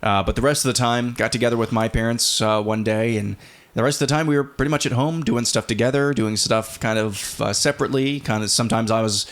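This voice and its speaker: A man in his thirties co-hosting a podcast in a relaxed, casual chat, with many fillers and restarts. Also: medium pitch, fast talker. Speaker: podcast co-host.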